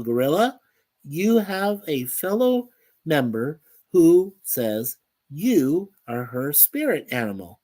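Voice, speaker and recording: A man hosts a relaxed live stream and reads viewer comments aloud. He talks slowly and easily, with plenty of chuckling between remarks. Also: on the high side. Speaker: livestream host reading chat. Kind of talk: casual live-stream chat.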